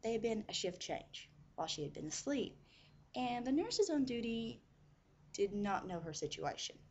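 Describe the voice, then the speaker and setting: A woman's voice: fairly high pitch, big pitch swings, normal speed, darkish tone, muffled recording, a little hiss or hum. A woman casually telling a personal story, chatty and full of "you know" asides.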